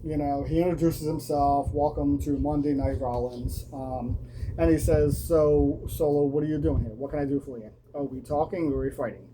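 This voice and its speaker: A man's voice: a little high, fairly even intonation, a little fast, dark tone, slight background noise, rough recording. Man casually recapping a wrestling show. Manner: casual, lots of ums and restarts, acts out quotes.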